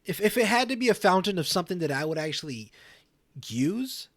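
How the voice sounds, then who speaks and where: A goofy talk show host, played by a man jokes his way through role-play banter. His voice sits a touch high and swings widely up and down as he stumbles over restarts. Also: sing-song, a little fast, a bit bright, no echo, clean studio sound, exaggerated voice. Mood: easygoing banter. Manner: joking, stammering restarts.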